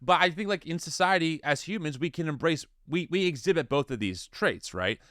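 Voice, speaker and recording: A man in his thirties co-hosting a casual commentary podcast, animated and incredulous, often restarting his sentences. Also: fairly high pitch, a little fast, no echo, clean studio sound. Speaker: podcast co-host.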